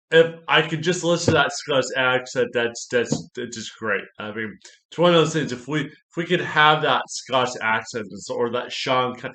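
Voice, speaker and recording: A man's voice: medium pitch, pushed and bright. Man, pastor, casual book review, rambling, lots of fillers, self-corrections, enthusiastic praise.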